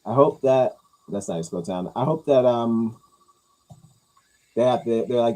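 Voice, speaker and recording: A man hosting a casual talk, rambling through movie news with crude jokes and mumbled low asides. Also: a little slow, mellow, low-quality recording. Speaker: host reacting to movie news. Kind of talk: casual chat.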